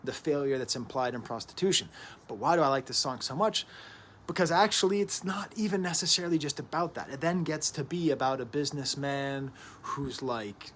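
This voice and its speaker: A man in his thirties, talking through an album at home in an animated, rambling way with joking asides. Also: medium pitch, fairly quick, slight background noise. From United States. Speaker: record reviewer. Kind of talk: casual music analysis to camera.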